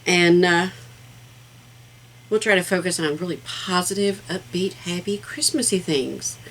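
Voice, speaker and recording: A woman's voice: lowish voice, unhurried, fairly bright tone, a little hiss or hum, rough recording. A middle-aged woman hosting a casual craft vlog, talking in a rambling, heartfelt way with plenty of fillers. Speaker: craft channel host.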